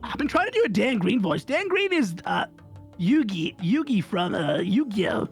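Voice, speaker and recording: A guest streamer with a raspy voice, joking and excitable in a casual live-stream chat. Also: medium pitch, normal speed, soft background music.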